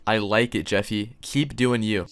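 A young man doing comedic reaction commentary, crude and loud, breaking into mock outrage and sudden yelps. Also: fairly low pitch, fairly even intonation, a little slow, dry recording, soft background music. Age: young adult. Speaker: YouTube commentator.

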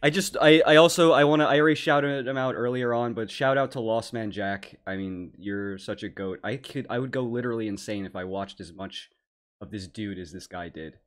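A man hosting a live reaction show, commenting excitably and laughing along with a stream. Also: mid-range voice, fairly quick.

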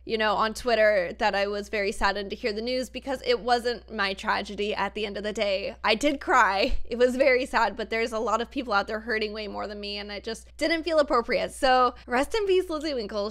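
A woman's voice: on the high side, fairly bright tone. A young woman hosting a casual gaming video, gushing and chatty, peppering her talk with "like". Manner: bubbly, gushing, says "like" often. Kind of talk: casual gameplay commentary. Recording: music playing behind voice.

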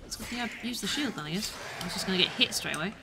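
A woman's voice: medium pitch, lively intonation, racing, heavy background noise. A woman streamer giving playful, chatty commentary while playing a game, often breaking into exclamations. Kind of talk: casual gameplay commentary.

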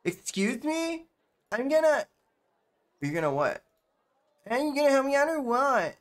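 A stuck-up popular schoolgirl snaps and mocks in a raised, bratty voice, as a man reads her lines aloud. Her tone is dismissive and sharp, straight out of a game. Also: high-pitched, big pitch swings, measured pace, pitched above the performer's own voice. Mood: indignant. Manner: snippy, dismissive, mocking. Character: mean, snobby popular teen schoolgirl.

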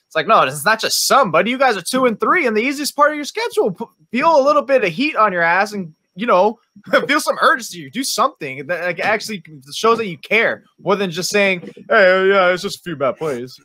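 A man's voice: high voice, sing-song, brisk, pushed and bright, no room sound. A man on a sports talk panel, heated and ranting.

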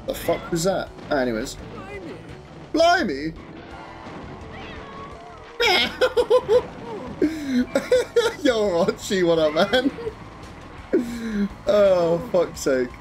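A young man commentating his own live game stream, excitable, swearing and chatting to viewers over game music. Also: on the high side, slow pace.

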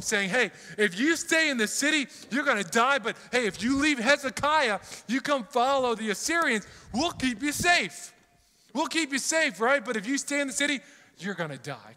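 A man preaching from the pulpit, his voice bright and high for a man. He tells the story with lively delivery and slips into the voices of the people he quotes. The sound carries a long church-hall reverb. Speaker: pastor. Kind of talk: sermon. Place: church sanctuary.

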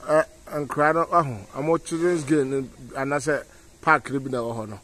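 A man's voice: medium pitch, normal speed, fairly bright tone, slight background noise. A Ghanaian man giving a casual outdoor walking tour as a vlogger, pointing things out as he walks. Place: outdoors on city streets.

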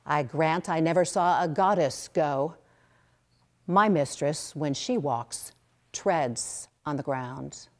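A woman reciting a Shakespeare sonnet as a wry, fond male lover mocking ideal beauty, in a measured recitation. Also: deep voice.

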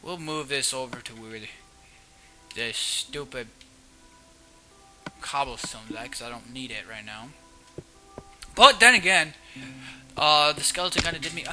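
A man playing a video game and commenting, excitable, often shrieking and yelling at monsters. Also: on the high side, normal speed, long pauses, faint music behind. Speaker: let's player. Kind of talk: casual gaming commentary.

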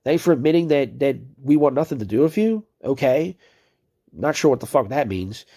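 A man's voice: mid-range voice, lively intonation, normal speed, warm tone. A man giving heated, profane commentary on chat messages he reads out, ranting and cursing as a video creator.

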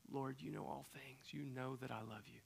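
A man voicing a remorseful disciple who answers quietly and ashamedly, weighed down by guilt. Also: fairly high pitch, slow pace, slight background noise. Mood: hushed, ashamed.

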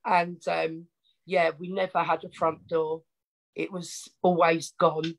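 A woman's voice: on the low side, little pitch movement, takes it slowly, vocal fry, poor audio. A woman with an Essex accent, telling her life story as a podcast guest in a chatty, frank, self-mocking way. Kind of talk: casual storytelling interview.

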